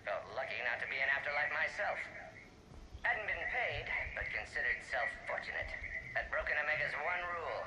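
An actor playing a brisk, dry male alien scientist in a video game who talks in terse, clipped sentences that drop small words. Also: a little high, lively intonation, sharp tone, reverberant, a little hiss or hum, low-quality recording. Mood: dry noir.

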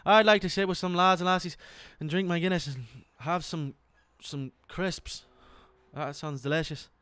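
A young man, a singer, chatting casually with viewers at the end of his live stream in a relaxed, thankful way. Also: fairly high pitch, normal speed, clear, resonant tone, no room sound.

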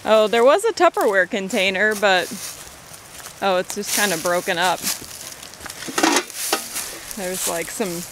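A young woman narrates her hike along a creek in a chatty, giggly way, swearing casually and fighting off hiccups. Her voice sits at an ordinary pitch for a woman. The camera audio picks up a loud rushing stream behind her. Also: heavy background noise. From Missouri, USA. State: has the hiccups. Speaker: vlogger. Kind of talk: casual hiking vlog narration. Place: outdoors on a creek trail in the woods. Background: flowing creek water.

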